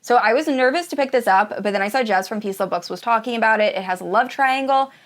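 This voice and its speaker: A woman's voice: on the high side, quick pace. A woman reviewing books in a casual chat, gushing and enthusiastic, with lots of fillers. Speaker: book reviewer. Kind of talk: casual tier-ranking chat.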